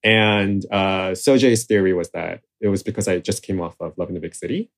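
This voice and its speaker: With a deep voice, a steady tone and a normal pace, a male literary translator chats informally in an interview. He rambles, leaning on fillers and restarting often.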